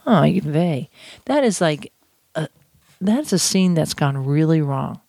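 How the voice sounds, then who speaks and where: A communication trainer giving a chatty, animated teaching talk with self-deprecating asides. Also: mid-range voice, slow pace, creaky, no room sound, clean studio sound. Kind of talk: podcast-style teaching talk.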